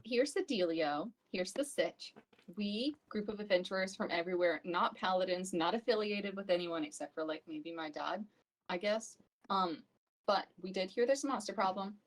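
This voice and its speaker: A woman's voice: medium pitch, normal speed, low-quality recording. A woman playing a tabletop game, talking in a breezy, slangy way. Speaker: player. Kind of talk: casual in-character play.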